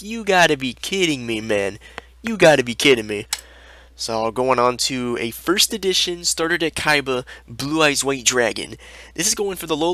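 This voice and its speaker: A man's voice: medium pitch, pushed and bright, dry recording. A young man giving sarcastic, exasperated commentary as a video host, ranting over screen listings. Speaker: YouTube host reviewing card listings.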